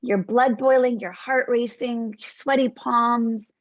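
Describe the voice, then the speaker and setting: Woman host, slightly high voice, gentle and reassuring, dry dull-ish podcast audio. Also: fairly even intonation, dry recording. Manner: gentle, reassuring, unhurried lists. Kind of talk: reflective podcast monologue.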